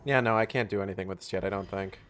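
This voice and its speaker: A man's voice: sits low, very fast, fairly bright tone, slight background noise. A man giving casual, rambling, profane commentary while playing a video game, talking to himself as he goes. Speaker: gaming streamer. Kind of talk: casual let's-play commentary.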